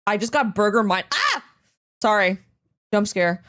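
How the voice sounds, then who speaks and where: A young woman hosting a casual stream watchparty, excitable and swearing freely as she reacts. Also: mid-range voice, moderate pace. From Canada.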